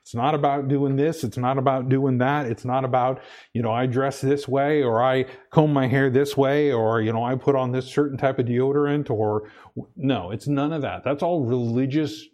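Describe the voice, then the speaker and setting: A man preaching a sermon in a conversational way, often repeating himself and asking the congregation "Amen?", sometimes rising high with excitement. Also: normal speed. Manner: animated, rises high and loud when excited. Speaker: pastor.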